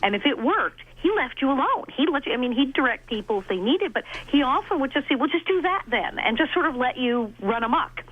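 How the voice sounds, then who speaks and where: A middle-aged woman, an actress and comedian, telling stories in an interview, animated and laughing as she acts out quoted lines. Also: high voice, a little fast, few pauses. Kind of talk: casual interview storytelling. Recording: dull lo-fi audio.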